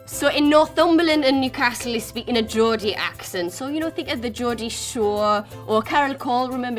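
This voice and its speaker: A woman with a Received Pronunciation accent, hosting and chatting playfully about accents. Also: fairly high pitch. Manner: chatty, playful, quick switches into character voices. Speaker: host. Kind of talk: presenting and demonstrating accents.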